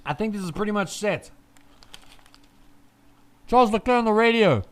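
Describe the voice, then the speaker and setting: A man calling a race live in a casual, chatty way, swearing freely as he goes. His voice sits high and sounds smooth and clean. He moves from relaxed chatter to loud, excited calls. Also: moderate pace. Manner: chatty, swears, swings from laid-back to shouting. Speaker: fan race commentator.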